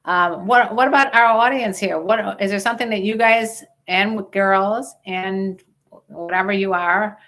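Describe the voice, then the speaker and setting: A woman's voice: mid-range voice, a little slow, fairly bright tone. An older woman hosting a casual livestream chat, joking bawdily and reading out viewer questions. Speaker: livestream host.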